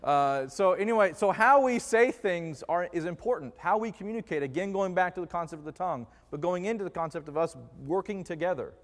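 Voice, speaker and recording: A man's voice: high-pitched, animated, a little fast, hardly any pauses. Man preaching in a reverberant church. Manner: jokey, quizzes the congregation with questions. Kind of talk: conversational sermon. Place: church sanctuary. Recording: long reverb of a church hall.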